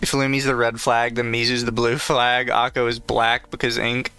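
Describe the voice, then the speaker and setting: A man's voice: medium pitch, level tone, normal speed, bright, forceful tone, clean tone, faint music behind. A man co-hosting a podcast in casual chat, joking and laughing often over a remote call. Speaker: podcast co-host.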